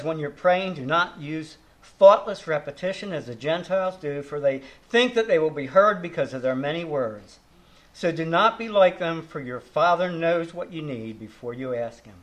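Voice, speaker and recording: A man's voice: a little high, normal speed, a bit bright. An older man preaching a sermon in an earnest, reflective way, often restarting and letting his line endings fall.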